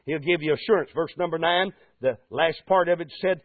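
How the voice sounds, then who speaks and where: A man preaching a sermon, building to fervent shouts and asking the congregation "Amen?". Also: a little high, fairly quick, few pauses, no echo. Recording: tinny phone-like radio broadcast.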